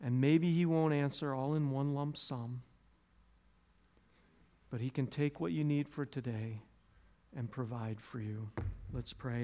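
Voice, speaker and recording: The pastor, an American man, moves through a conversational sermon at a measured pace, pausing often, with restarts and asides along the way. He sounds loud and animated in stories but soft and low while praying.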